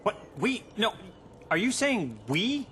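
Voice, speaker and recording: An actor playing a whiny, cowardly comic sidekick with a theatrical manner. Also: male voice, high-pitched, big pitch swings, slow, fairly bright tone, slight background noise, heavily acted.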